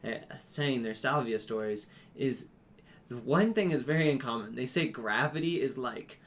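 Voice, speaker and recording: Male podcast host, relaxed casual chat, mid-pitched, drops "um" and "I mean", swears some. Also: moderate pace. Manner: laid-back, swearing, fillers like "um" and "I mean".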